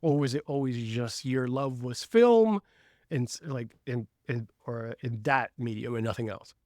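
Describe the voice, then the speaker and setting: A man hosting a casual podcast interview, telling stories in an animated way with frequent laughter. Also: mid-range voice, normal speed, dry recording, clean studio sound. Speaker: podcast host.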